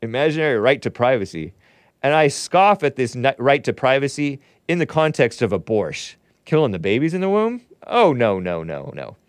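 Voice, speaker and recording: A man's voice: mid-range voice, sing-song, moderate pace, few pauses, clean tone, no room sound. A man hosting his own commentary show, reading news aloud and scoffing at it with sarcastic asides. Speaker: host. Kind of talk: opinionated commentary show monologue.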